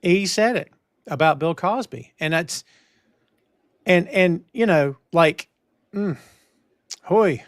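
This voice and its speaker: A man hosting a wrestling news talk show, emphatic and animated, with lots of restarts. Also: sits high, slow pace, pauses often, no echo, studio quality. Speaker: podcast host. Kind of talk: casual wrestling news chat.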